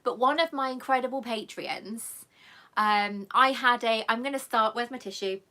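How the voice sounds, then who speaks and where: A woman's voice: fairly high pitch, moderate pace, sharp tone. A woman hosting a live stream, chatting affectionately with viewers in a rambling, emotional way and coming close to tears. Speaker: channel host.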